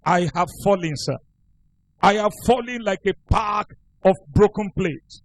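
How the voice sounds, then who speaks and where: A preacher voicing a weeping, remorseful husband. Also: male voice, high voice, measured pace, vocal fry. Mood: pleading. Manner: pleading, tearful. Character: remorseful middle-aged husband begging forgiveness.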